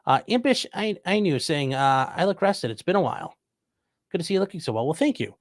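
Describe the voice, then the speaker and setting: A man's voice: high voice, expressive, brisk, no room sound. A man from Ohio hosting a livestream, casually reading viewer comments aloud and answering them with dry jokes. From Ohio, USA. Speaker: livestream host reading chat. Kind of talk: casual chat.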